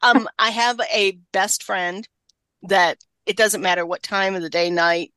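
A woman's voice: mid-range voice, fairly even intonation, measured pace, bright, forceful tone, smooth, no room sound, poor audio. A woman guest on a podcast, chatting casually in a rambling, self-mocking way with frequent laughs. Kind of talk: casual chat.

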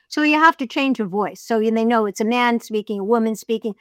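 Chatty higher-voiced woman narrator. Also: dry recording, clean studio sound. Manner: chatty, storytelling, quick to laugh. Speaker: voiceover artist and audiobook narrator. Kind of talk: casual interview chat.

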